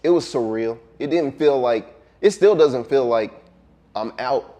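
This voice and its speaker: A man, a music producer speaking as an interview guest, talking in a relaxed, reflective way with frequent ums and trailing pauses. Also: mid-range voice, dull audio. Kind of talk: casual interview conversation.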